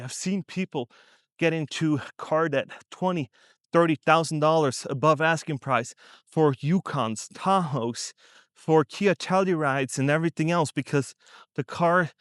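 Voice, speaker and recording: Animated man giving blunt money advice. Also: fairly high pitch, no echo, studio quality. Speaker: vlogger. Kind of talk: casual talking-head vlog. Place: outdoors on a warm sunny day.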